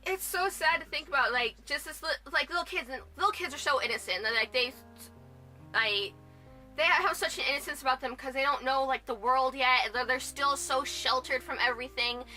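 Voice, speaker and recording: Bright, high-voiced young woman vlogger. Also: moderate pace, soft background music. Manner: rambling, lots of "like" and restarts. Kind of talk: casual vlog commentary.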